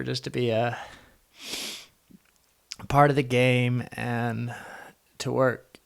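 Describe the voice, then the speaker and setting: A man's voice: mid-range voice, level tone, extremely slow, creaky, long pauses, clear, resonant tone. A young man telling a personal story in a vlog, earnest and rambling, with many restarts. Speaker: vlogger.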